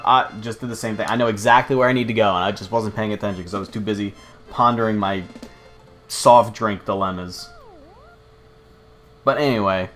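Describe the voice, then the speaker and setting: A young man rambling and swearing freely while commenting on his gameplay. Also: mid-range voice. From United States. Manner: rambling, profane, chatty. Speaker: let's play host.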